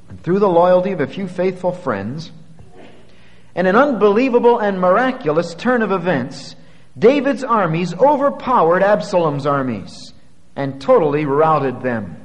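A man preaching a sermon. He retells a scripture story with dramatic swings from quiet to loud. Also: fairly high pitch, long reverb tail.

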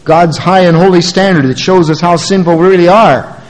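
Pria pengkhotbah bersuara agak tinggi, bergema. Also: male voice, normal speed, long reverb tail, rough recording. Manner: swings from quiet and low to loud emphatic preaching. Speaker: preacher. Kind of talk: sermon.

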